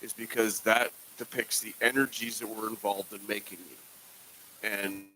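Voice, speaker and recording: A man's voice: fairly low pitch, little pitch movement, a little slow, sharp tone, slight background noise, low-quality recording. A man co-hosting a casual podcast, talking in a loose, jokey, rambling way and swearing freely. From Canada. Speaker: podcast co-host. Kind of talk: casual chat.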